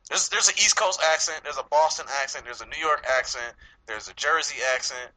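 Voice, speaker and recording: Animated laughing LA guy. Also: on the high side, a little fast, poor audio. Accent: Los Angeles. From Los Angeles. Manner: loose, swears often, laughs a lot. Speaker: podcast host. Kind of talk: casual chat.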